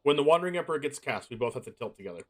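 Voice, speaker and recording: A man commentating his own card game live, excitable, laughing and shouting as the plays unfold. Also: medium pitch, very fast. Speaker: streamer playing a card game.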